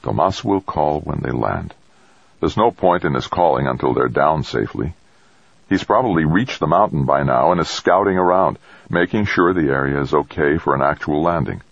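A man's voice: very deep voice, moderate pace, gravelly, no echo, dull audio, exaggerated voice. A man doing a focused male explorer.

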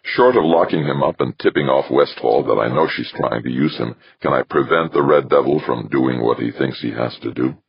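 Man reading as an uneasy middle-aged director, earnest, very deep husky voice, dull sound. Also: normal speed, few pauses, no room sound, heavily acted. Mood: worried. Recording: dull lo-fi recording.

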